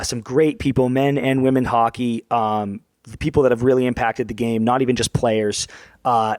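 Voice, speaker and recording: A man's voice: medium pitch, no room sound. Rambling, foul-mouthed man telling a story. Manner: rambling, animated, swears freely, acts out quotes. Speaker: podcast co-host. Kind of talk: casual storytelling chat.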